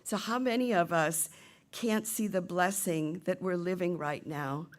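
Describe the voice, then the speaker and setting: A middle-aged woman minister preaching a sermon, retelling a play and voicing its characters with lively shifts. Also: fairly low pitch, unhurried. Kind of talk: sermon with storytelling.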